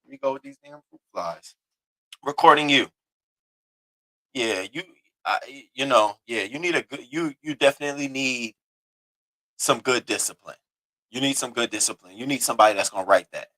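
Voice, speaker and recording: A man's voice: mid-range voice, expressive, normal speed, long pauses, sharp tone, rough recording. A man hosting a news commentary show, reacting bluntly and indignantly to a video in casual, profane talk. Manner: blunt, indignant, swears freely.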